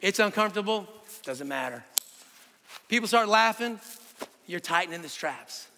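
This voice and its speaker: A man preaches with bright, ringing energy, building his point through stories and rhetorical questions. His voice sits high for a man, and it carries a long reverb from a large hall. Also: moderate pace, slight background noise. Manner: animated storytelling with rhetorical questions. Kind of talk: sermon.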